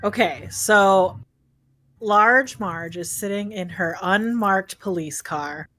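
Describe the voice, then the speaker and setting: A woman's voice: medium pitch, takes it slowly, a bit bright. A woman player in a tabletop role-playing game, narrating her scene in a casual, rambling way with lots of fillers.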